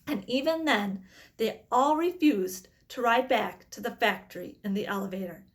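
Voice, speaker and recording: A woman's voice: fairly high pitch, normal speed. A woman reading a children's book aloud in plain storytelling, with small slips now and then. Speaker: reader.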